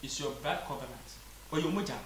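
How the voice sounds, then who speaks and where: A man's voice: a little high, fast talker. Earnest Ghanaian man in an echoey room. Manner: earnest, pleading, mixing English and Twi. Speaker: interviewee. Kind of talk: casual interview. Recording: echoey room with faint noise.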